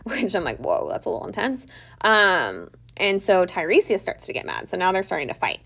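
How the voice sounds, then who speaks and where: Speaking a little fast with big swings in pitch, this woman has a fairly low, creaky, fairly bright voice. She's a teacher casually retelling a play for a literature class, peppering it with "like" and putting the characters' words into everyday speech.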